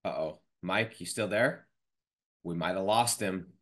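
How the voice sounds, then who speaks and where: A man in his thirties hosting a podcast over a video call, talking fast and casually with lots of "dude" and "bro". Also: low voice. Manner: energetic, slangy, says dude and bro. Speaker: podcast host. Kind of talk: casual interview chat.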